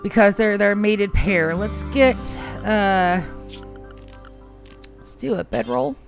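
A woman streaming a game live, chatting playfully and rambling through her moves with plenty of fillers. Her voice sits at an ordinary pitch, with soft game music under it. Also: slow, vocal fry. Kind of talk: live gameplay commentary.

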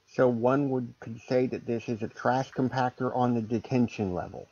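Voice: mid-range voice, normal speed, no echo, highs cut off. A player in a tabletop game, joking around casually. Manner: joking, lively.

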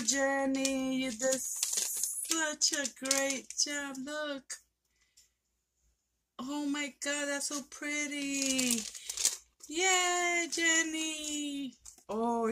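A woman's voice: high-pitched, noisy background. A woman vlogger gushing and exclaiming as she unboxes a craft parcel from a friend. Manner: gushing, excitable, talks to friend directly. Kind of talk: casual unboxing chat.

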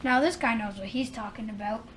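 A woman hosting a casual toy unboxing, chatty and excited as she narrates each step aloud. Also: a little high, fairly quick, slight background noise. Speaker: unboxing channel host.

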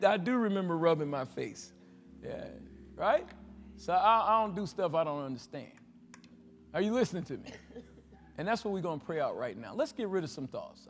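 A male pastor delivers a sermon in a church, pushing the congregation with rhetorical questions. His voice sits high and swings from booming exhortation to near-whispered asides. The sound hangs in the long reverb of a large sanctuary on a livestream. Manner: preacherly call-and-response, swinging between loud exhortation and hushed asides.

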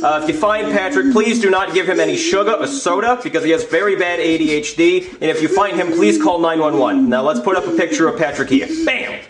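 A man's voice: fairly high pitch, fairly quick, few pauses, crowd noise, close to an everyday voice. A man playing a goofy, easygoing police officer who chats in a bemused way in a comedy puppet skit. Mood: announcing.

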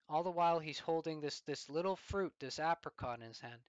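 A man giving a storytelling commentary, deliberate and fond of rhetorical questions. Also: on the high side, no room sound, dull audio.

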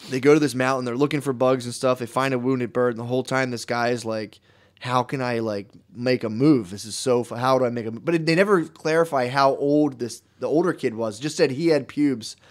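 A young man co-hosting a podcast, telling a long story in a rambling, profane way and acting out what people said. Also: medium pitch. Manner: rambling, swearing storyteller who acts out quotes. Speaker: podcast co-host. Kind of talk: casual podcast chat.

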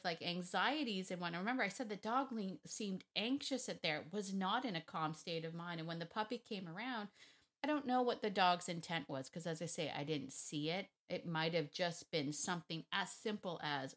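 A woman's voice: mid-range voice, expressive, moderate pace, a bit bright. Give me a chatty woman, a dog trainer talking casually to the camera. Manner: chatty, restarts and self-corrections, laughs often.

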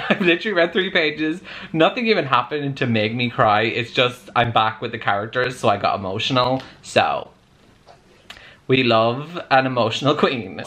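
A man's voice: medium pitch, sharp tone. A man with an Irish accent chatting enthusiastically to camera as a book vlogger, with lots of "like" fillers. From Ireland. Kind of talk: casual vlog chat.

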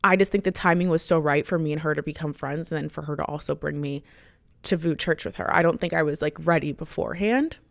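A woman's voice: low-pitched, quick pace, vocal fry, dry recording. A young woman in her twenties hosting a podcast, talking in a casual, chatty way, full of "like" and restarts, and sometimes getting emotional. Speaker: podcast host. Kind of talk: casual personal monologue.

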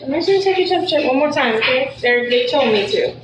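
A woman talks casually to her viewers, and her voice sits a little high. She chats and coos at her pregnant dog as she keeps checking its temperature. The phone recording is echoey, with loud background noise throughout. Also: animated, fast. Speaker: livestreamer. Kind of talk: casual livestream chat.

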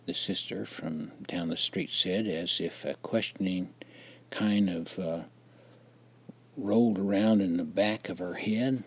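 A man's voice: low voice, a little slow, breathy edge. An older man from Wisconsin reading his own memoir in a plain, reflective way. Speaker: memoir narrator.

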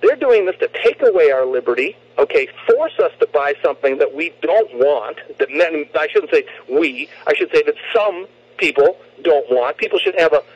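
A man with a fairly high voice argues politics on talk radio, pressing his points with emphasis. He stumbles and repeats words as he restarts. The sound is muffled and lo-fi, like an old radio broadcast. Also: lively intonation, normal speed, no echo.

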